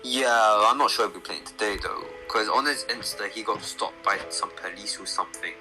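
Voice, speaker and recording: A tournament organizer joking around on a stream with teasing dark humor. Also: medium pitch, a little fast, music in the background, rough recording. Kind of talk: casual stream banter.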